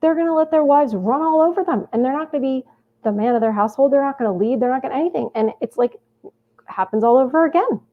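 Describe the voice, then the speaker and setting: A woman's voice: high voice, expressive, quick pace. A woman hosting a reaction show, rambling through casual commentary with many restarts and fillers. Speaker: host reacting to a video. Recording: tinny phone-like audio.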